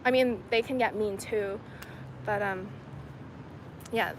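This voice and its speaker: A woman's voice: mid-range voice, takes it slowly. A young woman from China chatting casually to a livestream, rambling and filling her talk with "like". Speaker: streamer answering chat questions. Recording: outdoor street and traffic noise.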